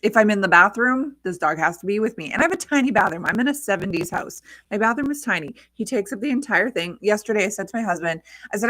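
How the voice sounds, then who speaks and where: A woman co-hosting a podcast from her home office, chatting casually and telling animated stories. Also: medium pitch, fast talker, hardly any pauses, no echo. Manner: chatty, animated storytelling about her dog. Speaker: podcast co-host. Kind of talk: casual chat. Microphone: desk microphone on a video call.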